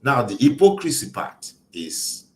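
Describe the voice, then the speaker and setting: A man's voice: mid-range voice, very animated, unhurried, a bit bright, roomy sound, low-quality recording. A man hosting a show, giving impassioned social commentary in emphatic, repetitive rhetorical lists. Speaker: show host.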